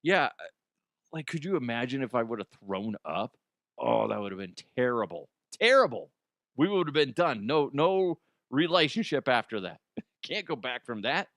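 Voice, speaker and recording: A man's voice: medium pitch, lively intonation, moderate pace, a bit bright, dry recording, clean studio sound. A man hosting a comedy podcast, telling stories in a loose, profane way with stammered restarts. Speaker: podcast host. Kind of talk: comic storytelling.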